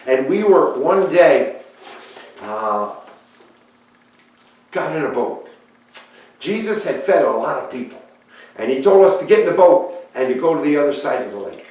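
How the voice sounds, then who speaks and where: A man speaking as the fisherman Peter, telling his story in a plain, folksy and halting way. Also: on the high side, big pitch swings, darkish tone. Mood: storytelling. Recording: echoey room, voice picked up from far off.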